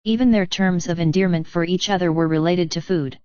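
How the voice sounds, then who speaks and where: A woman narrating an audiobook in an even, wry storytelling read. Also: lowish voice, fairly quick, few pauses, no echo, dull audio.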